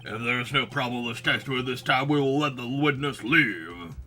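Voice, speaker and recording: A man's voice: mid-range voice, a little fast, bright, forceful tone, soft background music, natural voice. A man voicing a mild, formal male judge in a courtroom game.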